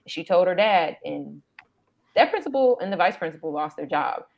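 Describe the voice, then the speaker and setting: A woman's voice: lowish voice, expressive, normal speed, vocal fry, a little mellow. A middle-aged mother in casual chat, telling a story in a blunt, emphatic way. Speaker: mother and co-host.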